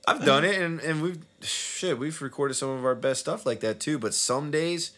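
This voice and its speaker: A man's voice: on the high side, normal speed, sharp tone. A man co-hosting a podcast, talking loosely and swearing casually as he trails off and restarts. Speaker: podcast co-host. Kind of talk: casual chat. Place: recording studio.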